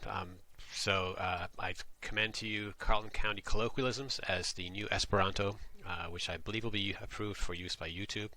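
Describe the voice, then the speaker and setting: Man, very low voice, tongue-in-cheek satirical vlog, rambling musing, from atlantic canada. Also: pushed and bright. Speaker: vlogger. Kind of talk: satirical monologue.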